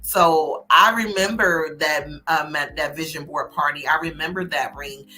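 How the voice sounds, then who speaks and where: A woman hosts a casual talk show and gives encouraging, sermon-like advice about faith and goals. Her voice is bright and forceful, with faint music playing behind her. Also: deep voice, unhurried. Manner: preachy, motivational, speaks of God and manifesting. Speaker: host.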